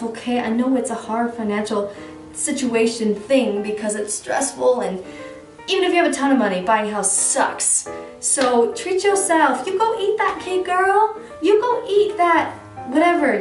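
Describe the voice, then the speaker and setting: Chatty young woman vlogging advice. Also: mid-range voice. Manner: chatty, rambling, self-deprecating. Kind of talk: casual advice vlog. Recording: roomy room, distant mic, faint music.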